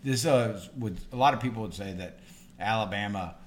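A man with a Midwestern American accent co-hosting a podcast in casual chat, explaining things in a measured way with frequent hesitations. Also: on the low side, slight background noise. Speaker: podcast co-host.

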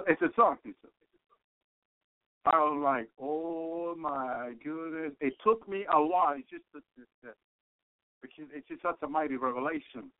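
Fervent male radio preacher, high voice, dry close sound, repetitive praise. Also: no room sound. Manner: repeats phrases, fervent exclamations of praise. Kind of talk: sermon. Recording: tinny phone-like radio broadcast.

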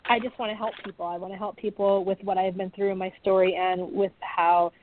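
A woman's voice: mid-range voice, flat delivery, brisk, a little hiss or hum. A woman guest speaking candidly about her book, open and earnest. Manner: earnest, open, warm-hearted storytelling. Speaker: podcast guest, author. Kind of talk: candid interview talk. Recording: dry tinny phone line.

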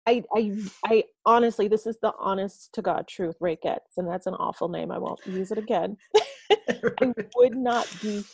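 A woman's voice: medium pitch, moderate pace, vocal fry, darkish tone, slightly rough, no room sound. A woman guest on a podcast, effusive and emotional, talking with an old friend. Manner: effusive, emotional, laughs often. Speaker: guest, energy healer. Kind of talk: casual chat.

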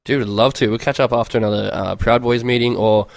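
Fast-talking Australian man hosting. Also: medium pitch, steady tone, creaky, no echo. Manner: crude, joking, enthusiastic. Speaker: podcast host. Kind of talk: casual podcast chat.

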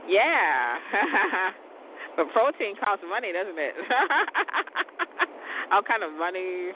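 A man's voice: very animated, slow. A man hosting his own show in a loose, rambling chat, laughing often and cursing mildly. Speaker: show host. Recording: tinny phone-like audio with vehicle rumble.

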